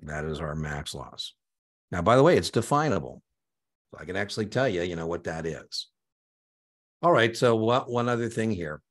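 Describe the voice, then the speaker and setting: Very deep-voiced energetic male instructor. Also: moderate pace, long pauses. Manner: energetic and conversational, punctuating points with "boom". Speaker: exam prep instructor. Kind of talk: live online lecture.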